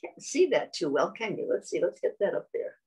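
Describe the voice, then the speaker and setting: A children's storyteller reads and sings to young kids in a gentle, sing-song, mid-range voice at a fairly quick pace. She often asks them questions and clears her throat.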